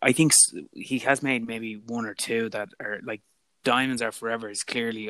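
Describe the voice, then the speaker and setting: A man's voice: fairly low pitch, a little fast, no echo. A man, chatting animatedly about films as a podcast co-host. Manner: animated, chatty, Irish turns of phrase. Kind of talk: casual film chat. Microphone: remote call mic.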